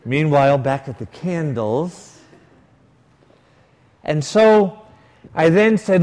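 A man's voice: on the high side, lively intonation, slow pace, pauses often, darkish tone. A man, a priest, preaching a sermon and telling a story with quoted dialogue and varied emphasis. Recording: long reverb of a large hall.

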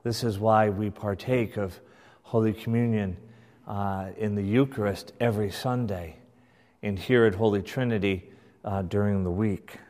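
A man as pastor teaching his congregation in a church, measured and emphatic, often checking in with "right?". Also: on the low side, steady tone, darkish tone. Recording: long hall reverb.

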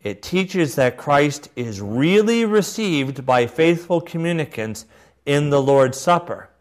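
A man's voice: on the high side, lively intonation, pitched above the performer's own voice. A man putting on an old English bishop. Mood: solemn declaiming. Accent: put-on English. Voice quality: slow, raised, declaiming reading voice. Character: solemn Victorian English bishop, older man.

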